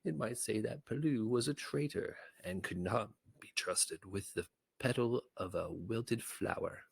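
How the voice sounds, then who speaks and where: A raspy, gravelly old storybook schemer who fawns and flatters in a voice pitched well above the man who puts it on, his usual deep tone. Dry, close sound with no room behind it. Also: unhurried, dry recording, heavily acted. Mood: scheming, fawning. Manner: wheedling, fawning flattery. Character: sly scheming old male creature advisor. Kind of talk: storybook reading.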